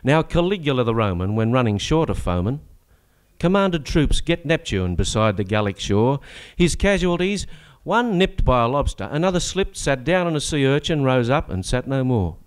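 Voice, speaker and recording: A man's voice: mid-range voice, big pitch swings, normal speed, clean tone. A man with an Australian accent reciting comic bush-ballad verse on a live stage with a rollicking, rhythmic delivery.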